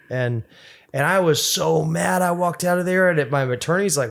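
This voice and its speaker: A man, a podcast guest, telling a long story in a rambling, animated way, full of restarts and fillers. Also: fairly high pitch, fairly quick, gravelly. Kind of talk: casual storytelling interview.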